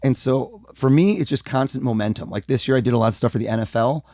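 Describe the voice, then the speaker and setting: A man from the United States, a mentalist guest, talking in a casual interview in a lively, animated way. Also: mid-range voice, fast, no room sound, studio quality. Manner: energetic, animated, acts out quoted voices.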